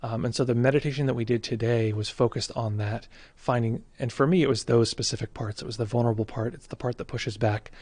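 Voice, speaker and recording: A man speaking as a meditation teacher in a casual livestream talk, reflective and halting with many fillers and restarts. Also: medium pitch, fairly even intonation, a little mellow, no echo.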